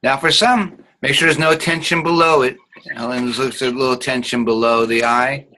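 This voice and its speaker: A man's voice: medium pitch, moderate pace, sharp tone, low-quality recording. A man teaching an online acting class, guiding students patiently and showing each sound with hums.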